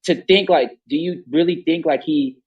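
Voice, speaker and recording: A man's voice: fairly high pitch, moderate pace, highs cut off. A young man hosting a casual podcast chat, talking in long rambling runs full of slang and swearing. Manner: rambling, emphatic, heavy slang and profanity. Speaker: podcast host.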